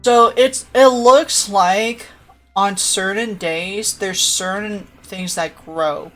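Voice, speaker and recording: A woman's voice: medium pitch, takes it slowly, faint music behind. A woman livestreamer telling a story in casual chat, laughing often and acting out the voices of the people she quotes.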